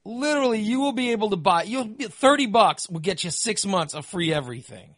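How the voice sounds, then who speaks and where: A man's voice: high voice, sing-song, brisk, fairly bright tone, dry recording, studio quality. Profane ranting male podcast host. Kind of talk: casual podcast chat.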